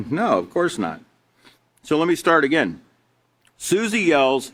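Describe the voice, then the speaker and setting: A man's voice: fairly high pitch, wildly swooping pitch, takes it slowly, a bit bright. A middle-aged man teaching a live online character education class, reading from slides and asking rhetorical questions. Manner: conversational, asks rhetorical questions, reads from slides.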